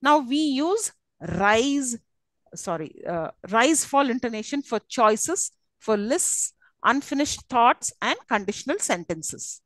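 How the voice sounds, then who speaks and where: A woman's voice: fairly high pitch, very animated, takes it slowly, a bit bright, no room sound. A woman giving a university lecture, explaining step by step and often checking that listeners follow. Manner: explanatory, checks understanding with repeated "okay?" and "isn't it?".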